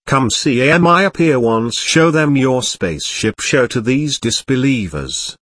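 Une jeune fille extraterrestre fougueuse et têtue, jouée par un homme dans un conte lu à voix haute. Elle insiste et supplie d'un timbre voilé, un peu rauque. L'enregistrement est sec, sans écho. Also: male voice, medium pitch, animated, measured pace, fairly bright tone, no echo. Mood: excited. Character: excitable young alien girl, stubborn.

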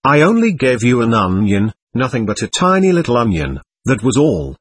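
A man voicing a gentle, tender young man in a storybook reading, speaking softly. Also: medium pitch, huge pitch swings, normal speed, breathy edge, no room sound. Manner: soft, gentle.

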